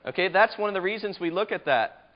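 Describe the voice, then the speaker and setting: A man's voice: sits high, animated, fast talker. A man teaching a Bible study lecture in a conversational, emphatic way, asking his class questions, on a muffled lo-fi recording.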